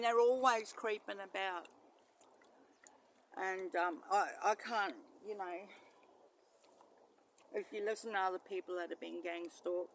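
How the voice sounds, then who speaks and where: A vlogger, filming outdoors beside a van on a handheld phone, rambling and swearing, swinging between loud outbursts and low muttering. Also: a little hiss or hum. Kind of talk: rambling handheld vlog monologue. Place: outdoors beside a parked van near mangroves.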